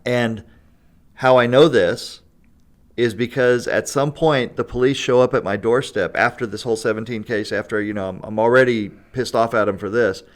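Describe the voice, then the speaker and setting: A man's voice: mid-range voice, normal speed. A man telling a long story in a casual podcast chat. He laughs often and keeps checking in with "right?" and "you know". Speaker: guest storyteller.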